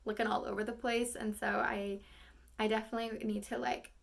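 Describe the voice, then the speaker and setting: A woman's voice: mid-range voice, level tone, a little fast, gravelly. A young woman, an acting student, thinking aloud between rehearsal takes, rambling and self-critical with lots of fillers.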